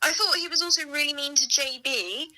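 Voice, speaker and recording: A woman in a casual chat as co-host, reacting with giggles and animated exclamations. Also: sits high, fairly quick, poor audio.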